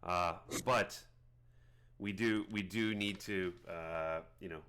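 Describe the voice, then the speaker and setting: A man voicing a gruff, pragmatic male fish-folk warrior who speaks plainly and haltingly. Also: deep voice, steady tone, bright, forceful tone, voice pushed down, exaggerated voice.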